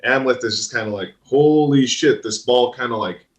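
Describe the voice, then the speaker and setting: A man's voice: medium pitch, steady tone, fairly quick, fairly bright tone. Man giving a loose casual summary. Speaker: podcast co-host. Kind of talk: casual film-review chat.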